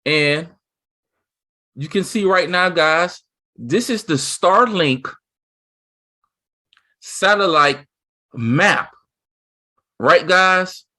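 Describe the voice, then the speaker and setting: Talkative man co-host, pitched a bit high, rambling and excitable, lots of false starts. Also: extremely slow, pauses often. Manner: excited, rambling, with lots of restarts and "you see what I'm saying". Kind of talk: casual chat.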